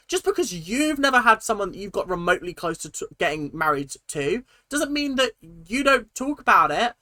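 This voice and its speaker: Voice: mid-range voice, big pitch swings, normal speed, few pauses, pushed and bright, dry recording, clean studio sound. A host ranting indignantly while reacting to a TV show, in heated, fired-up commentary.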